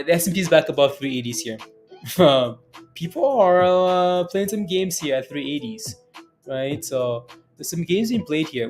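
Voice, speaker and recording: A man with a fairly high-pitched voice hosts a casual day-trading livestream, walking through charts and answering questions from chat. He rambles, chuckling often and using lots of fillers.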